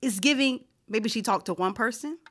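Podcast co-host lady, slangy, laughs a lot, higher voice. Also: normal speed. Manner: animated, laughs often, slangy; repeats herself for emphasis. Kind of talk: casual chat.

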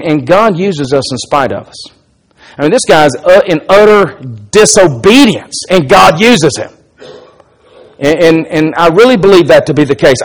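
Man preaching a conversational Bible study. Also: a little high. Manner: conversational teaching with frequent restarts, swells in volume for emphasis. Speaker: pastor and Bible teacher. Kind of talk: sermon-style Bible study.

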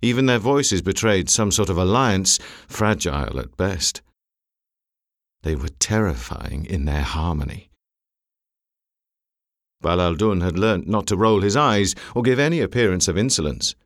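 A man reads a novel aloud in a measured, expressive storytelling manner. His voice is low, yet it rises and falls with lively movement from line to line. The recording is close and dry, with no room sound. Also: no room sound. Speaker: audiobook narrator. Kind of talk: scripted narration. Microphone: close studio mic.

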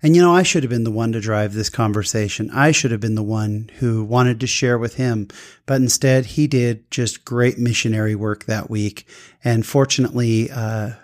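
A man's voice: medium pitch, moderate pace. Upbeat male talk show host. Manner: upbeat, earnest. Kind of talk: casual chat and personal storytelling.

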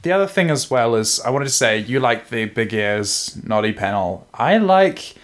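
A man's voice: mid-range voice, very animated, normal speed. Enthusiastic, digressive male podcaster. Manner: enthusiastic, digressive, jokey, laughs often. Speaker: podcast co-host. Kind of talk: casual chat.

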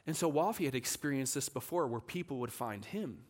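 A man's voice: mid-range voice, a little fast. A man preaching a sermon in a church, telling a story with animation and acting out the voices of the people in it. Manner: animated, acts out quoted voices.

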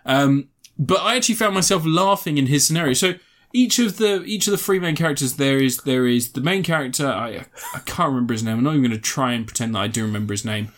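A man's voice: medium pitch, quick pace, hardly any pauses, a bit bright. A young man chatting casually about a film he watched, rambling and sweary, often laughing and restarting his sentences. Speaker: film reviewer. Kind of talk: casual chat.

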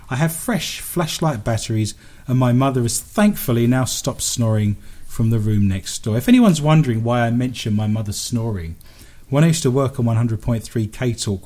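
An English-accented man hosting a late-night radio show in a self-mocking, rambling way. His voice sits at an ordinary middle pitch, and he jokes about the words he mispronounces. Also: darkish tone. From England. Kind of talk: casual radio banter. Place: home studio.

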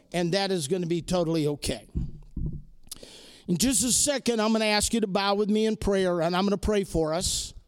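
A man's voice: high-pitched, smooth. A man giving an inspirational talk to a live audience, telling a personal story with emphatic repetition. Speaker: speaker addressing an audience.

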